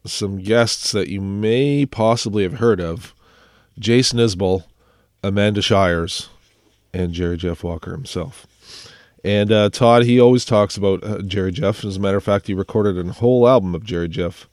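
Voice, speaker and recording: Sick low-voiced male radio host. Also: a little mellow, no room sound, studio quality. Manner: rambling, filler-heavy, self-deprecating. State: sick, under the weather. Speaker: radio music show host. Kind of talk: casual radio chat introducing songs.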